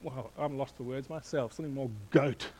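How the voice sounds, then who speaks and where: A middle-aged man preaching a sermon, animated and playful, quizzing the congregation and then dropping to a hushed tone for emphasis. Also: mid-range voice, brisk, slight background noise, poor audio. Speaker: pastor.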